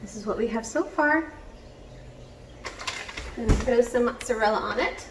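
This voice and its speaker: Brief: woman in her 30s, home vlogger, upbeat, chatty, slightly high voice, handheld camera. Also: moderate pace, noisy background. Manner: chatty, upbeat, laughs often. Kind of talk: casual home vlog. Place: home kitchen.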